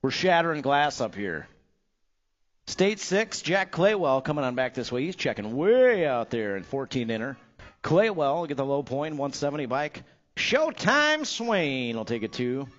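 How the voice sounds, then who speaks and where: A man's voice: mid-range voice, sing-song, a little slow, fairly bright tone, muffled recording. A man calling a live bike race as the track announcer, upbeat and joking, giving riders playful nicknames.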